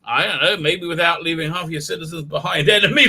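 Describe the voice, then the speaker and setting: A man's voice: high voice, lively intonation, moderate pace, pushed and bright, breathy edge. A man hosting a casual live stream, talking in a rambling, sardonic way with many restarts.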